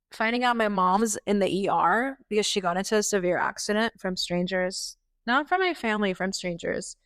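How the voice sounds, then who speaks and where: Young woman ranting about her family on her podcast, swears a lot, smooth clear voice, dry close sound. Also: medium pitch, no echo. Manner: raw, exasperated venting with frequent swearing. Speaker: podcast host. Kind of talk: personal monologue.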